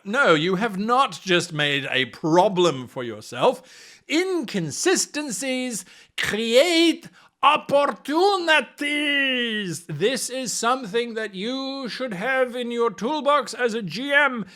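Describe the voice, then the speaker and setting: A man giving game master advice in an enthusiastic, animated manner, playfully acting out players and slipping into accents. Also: high-pitched, a little slow, few pauses.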